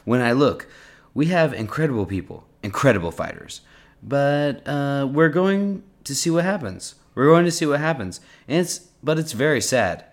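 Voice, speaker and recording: A man's voice: mid-range voice, very animated, voice pushed up, close to an everyday voice. A man doing a blustery, rambling politician impression. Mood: pompous. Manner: rambling, repetitive, with drawn-out filler "uh"s.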